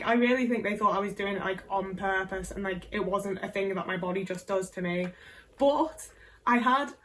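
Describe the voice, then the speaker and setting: A woman's voice: mid-range voice, distant mic, poor audio. A young English woman vlogger telling a personal story to camera, candid and sweary, with lots of "like".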